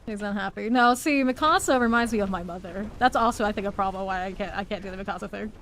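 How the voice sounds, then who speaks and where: A woman's voice: mid-range voice, fast talker, a bit bright, slight background noise, low-quality recording. A woman game streamer chatting casually and playfully while she plays, laughing often and exclaiming. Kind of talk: casual chat while live gaming.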